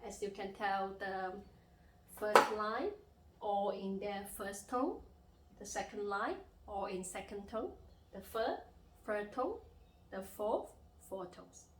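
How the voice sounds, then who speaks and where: A young woman teaching a language lesson as a tutor, pausing to demonstrate tones with long drawn-out sung vowels. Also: mid-range voice, expressive, roomy sound, a little hiss or hum, poor audio. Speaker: Mandarin and Cantonese tutor.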